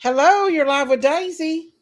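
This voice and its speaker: A woman's voice: sits high, a little slow, a little hiss or hum. A woman hosting a live stream, chatting casually, giggling often and reading out viewer comments.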